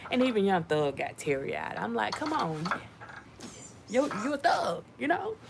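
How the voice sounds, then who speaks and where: Gravelly woman chatting to viewers. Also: mid-range voice, background noise. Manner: animated, repeats herself, addresses viewers as y'all. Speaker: channel host. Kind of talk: casual commentary to viewers.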